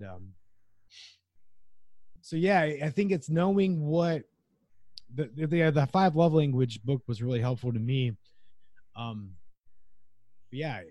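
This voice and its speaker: A man's voice: mid-range voice, dry recording. A man as a podcast guest, talking earnestly and reflectively in casual conversation, chuckling now and then.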